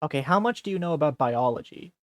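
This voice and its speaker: Deadpan, teasing male streamer. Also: fairly high pitch, quick pace, dry recording. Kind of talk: role-play stream.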